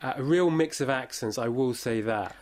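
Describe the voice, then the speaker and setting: A man reviewing a film in casual chat, pausing often with fillers and restarts. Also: mid-range voice, darkish tone. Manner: hesitant, many fillers and restarts. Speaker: film critic.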